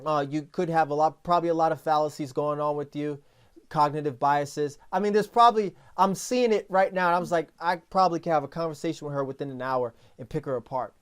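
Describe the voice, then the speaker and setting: A man hosting a podcast in casual talk, telling stories in a rambling, animated way with many restarts. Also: on the high side, fast, smooth. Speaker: podcast host.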